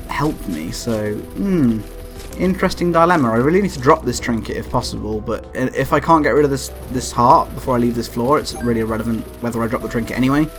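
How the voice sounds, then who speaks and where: A young man giving let's play commentary, excitable, swearing and yelping at the game when frustrated. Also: mid-range voice. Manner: swears and laughs often. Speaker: gameplay commentator.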